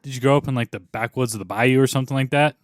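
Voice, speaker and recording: A man co-hosting a podcast, chiming in with laid-back, quick asides. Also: medium pitch, fairly even intonation, no echo, studio quality. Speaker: podcast co-host. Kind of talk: casual chat.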